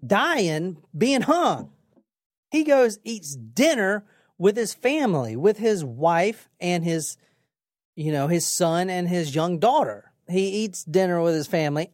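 A woman's voice: lowish voice, animated, slow pace, darkish tone, dry recording, clean studio sound. A woman hosting a podcast, telling a true crime story in a casual, blunt way, with swearing. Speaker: podcast host.

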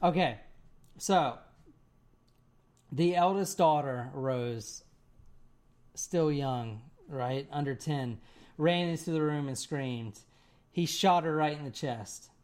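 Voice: mid-range voice, takes it slowly, pauses often, a little mellow. A person telling a story to friends in a casual, rambling way, with many "like"s and "right?"s.

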